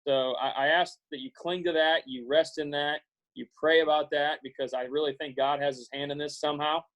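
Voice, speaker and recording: A man in his forties from Iowa speaks to students over a video call. His voice sits a little high for a man, and he talks in an earnest, halting way, full of fillers and restarts. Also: steady tone, fairly bright tone, poor audio. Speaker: guest speaker.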